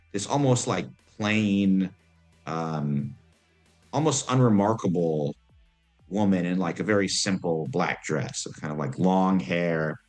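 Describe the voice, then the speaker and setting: A man narrating as game master in a relaxed, hesitant way. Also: low voice.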